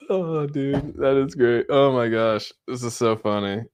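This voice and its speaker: A young man with a smooth, unhurried mid-range voice hosts a live crypto stream. Reacting to his chat, he's giddy and amused, laughing frequently and using "dude" a lot.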